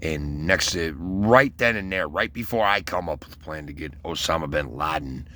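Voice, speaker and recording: Very deep rambling profane man. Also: moderate pace, bright, forceful tone. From Westland, Michigan, US. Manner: rambling, profane, many fillers. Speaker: storyteller recounting military service. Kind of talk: casual rambling monologue.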